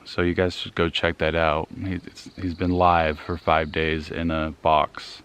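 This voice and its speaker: A man's voice: rumbling low, level tone, measured pace, fairly bright tone, clear, resonant tone. Breathless young man rambling on a woods walk. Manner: rambling, self-deprecating, trailing off. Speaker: vlogger. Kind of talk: casual rambling vlog. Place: outdoors in the woods, walking.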